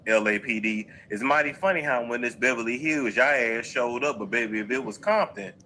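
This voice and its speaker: A man co-hosting a casual livestream who reads celebrity news aloud and riffs on it in a playful, animated way. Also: medium pitch, a little fast, slight background noise, rough recording.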